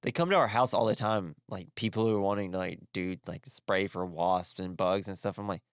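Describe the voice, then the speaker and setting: A man's voice: deep voice, fairly quick, clear, resonant tone, no room sound, clean studio sound. A man co-hosting a casual movie podcast, eagerly retelling scenes and acting them out with laughter. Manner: animated recapping, acts out scenes with shouting and laughing. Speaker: podcast co-host.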